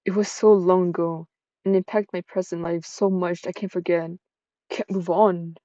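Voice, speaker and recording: A woman's voice: fairly low pitch, steady tone, moderate pace, warm tone, no echo, lo-fi sound, lightly acted. A woman voicing a heartbroken, guilt-ridden young woman who was cursed, in a tearful, self-pitying confession.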